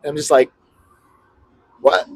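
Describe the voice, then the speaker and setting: A man casually telling a story on a podcast, animated and acting out the people he quotes, swearing freely, recorded on an outdoor city balcony. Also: a little slow, no echo. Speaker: podcast co-host.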